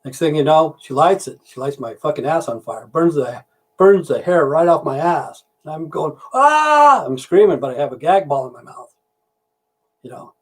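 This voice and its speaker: Man, trucker, livestream host, crude rambling storyteller, heavy swearing, somewhat high voice. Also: moderate pace, a little mellow, husky. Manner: crude, profane, rambling joke-telling.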